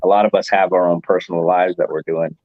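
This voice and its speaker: Rambling low-voiced man hosting a chat. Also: level tone, fast talker, no room sound. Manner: rambling, chuckles often. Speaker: livestream host. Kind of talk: casual chat. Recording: dull, muffled stream audio.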